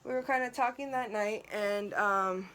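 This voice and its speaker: A woman's voice: mid-range voice, normal speed, fairly bright tone. A young woman telling a personal story on her vlog, emotional and venting, filled with "like" and quoted dialogue.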